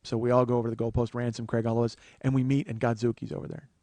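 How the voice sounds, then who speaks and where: A man's voice: mid-range voice, little pitch movement, racing, warm tone, dry recording. Profane storytelling man, dry sound. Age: 40s. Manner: profane, rambling, bursts into rants. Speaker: comedy podcast host. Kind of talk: storytelling monologue.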